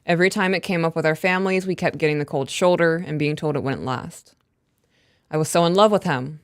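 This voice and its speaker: Young woman, chatty and giggly, kinda low voice, dry mic. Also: a little fast, no room sound. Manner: chatty, giggly, self-conscious. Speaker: podcast co-host. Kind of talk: casual live-stream chat and email reading.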